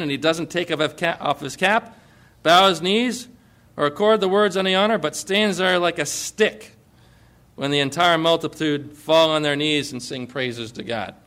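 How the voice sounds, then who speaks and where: A male pastor with a notably high voice delivers an earnest, conversational sermon. He keeps turning to his listeners with questions as he preaches. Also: moderate pace, pushed and bright.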